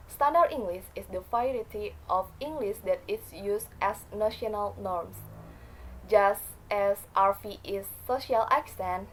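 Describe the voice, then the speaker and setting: A woman gives a class presentation in a middle-pitched voice, reading from her notes. She pauses on fillers and corrects small slips as she goes, with faint noise behind her. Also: low-quality recording.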